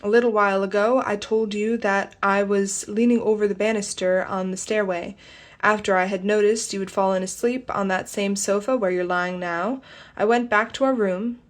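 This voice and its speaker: A woman's voice: medium pitch, steady tone, normal speed, natural voice. A woman voicing a stern husband who speaks harshly and accusingly, in an audiobook reading. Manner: harsh, growling.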